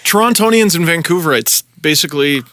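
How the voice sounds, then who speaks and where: A man's voice: fairly high pitch, animated, bright, forceful tone, no room sound. A Canadian man co-hosting a podcast, chatting casually with jokes and laughter. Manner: joking, laughing, quick comebacks. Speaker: podcast co-host. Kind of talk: casual chat.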